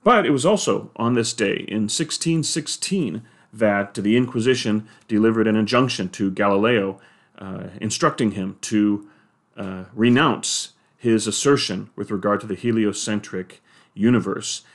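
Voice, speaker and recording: A man giving a measured, explanatory monologue on faith and science, with the odd hesitation. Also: on the low side. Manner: measured, explanatory, with occasional filler "uh".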